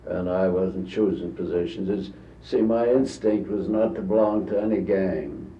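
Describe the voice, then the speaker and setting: An elderly American man with a very low voice recalls old stories at length, trailing off and restarting his sentences. He is heard off-mic on a dull old tape in an echoey room with faint hiss. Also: recorded from a distance. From United States. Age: 80s. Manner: rambling anecdotal storytelling with halting restarts. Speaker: interviewee. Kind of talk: recorded archival interview.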